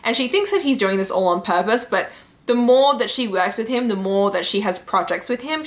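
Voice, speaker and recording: A woman talks through her favourite webcomics in a relaxed, chatty way. She rushes through the plots with animated energy and sprinkles in plenty of "like" and "you know." Her voice sits at a middling pitch for a woman. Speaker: book and webcomic reviewer. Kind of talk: casual recommendation chat.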